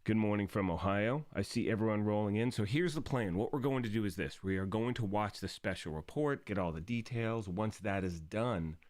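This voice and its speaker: A man hosting a gaming live stream in upbeat, casual chat, his voice raspy from the early morning. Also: fairly low pitch, normal speed, hardly any pauses, a little mellow, no room sound, clean studio sound. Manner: upbeat and chatty, greeting viewers.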